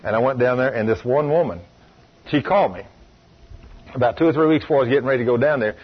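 A man preaches with a husky, slightly rough voice, driving his points home with stories and rhetorical questions. His speaking pitch sits in a middle range. The recording sounds dull and muffled, like an old sermon tape. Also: fast talker. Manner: emphatic storytelling, rhetorical questions.

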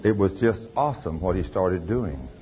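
A preacher tells testimony stories in a low, emphatic voice. He presses his points hard and acts out the other people in the stories. The recording is dull and lo-fi, with a faint room ambience behind him. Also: animated, moderate pace, background noise. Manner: emphatic, testifying with acted quotes. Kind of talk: sermon storytelling.

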